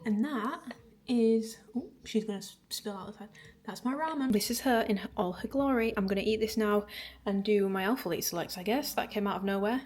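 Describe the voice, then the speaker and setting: A woman's voice: medium pitch, a little fast, a little mellow. A young woman, chatting casually through a vlog while she cooks in her home kitchen. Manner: chatty, rambling, self-deprecating. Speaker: vlogger. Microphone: camera on a tripod.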